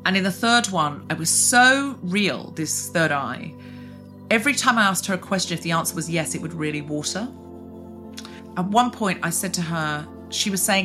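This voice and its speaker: A woman podcast host telling a personal story in earnest, halting chat. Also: on the low side, pushed and bright, faint music behind. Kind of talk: casual chat.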